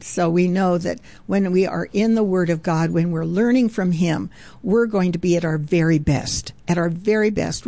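Hosting a devotional radio ministry show, a woman speaks in a warm, mellow, medium-pitched voice, earnest and fervent, often breaking into praise. Her chatty, conversational delivery includes small restarts, and the close, dry recording has no room sound.

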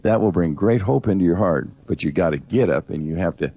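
Low gravelly guy preaching, middle-aged, earnest and direct, chatty bible teaching. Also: animated, a little fast, warm tone. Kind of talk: conversational preaching.

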